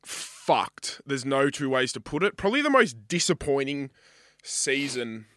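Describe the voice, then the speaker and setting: A man's voice: mid-range voice, sing-song, unhurried, a bit bright, no echo, studio quality. A young Australian man co-hosting a podcast, chatting casually and arguing his point with plenty of swearing. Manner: sweary, heated, emphatic. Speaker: podcast co-host. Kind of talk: casual chat.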